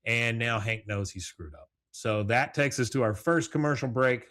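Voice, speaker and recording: A man's voice: mid-range voice, moderate pace, fairly bright tone. A middle-aged man hosting a solo podcast, recapping a cartoon episode in a rambling, casual way with chuckling asides. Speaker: podcast host. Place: home, with morning coffee.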